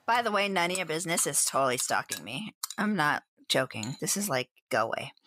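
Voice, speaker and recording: A woman's voice: low-pitched, big pitch swings, fairly quick, pushed and bright, a little hiss or hum. A woman co-hosting a podcast, chatting playfully as she taste-tests ice cream flavors and describes each one. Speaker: podcast co-host. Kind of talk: casual chat, live taste test.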